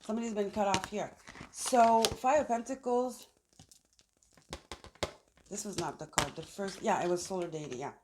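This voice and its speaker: A woman's voice: mid-range voice, moderate pace, long pauses, noisy background. A woman giving a casual tarot reading, thinking aloud as she pulls cards outdoors in the sun. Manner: chatty, thinks aloud while pulling cards. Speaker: tarot reader.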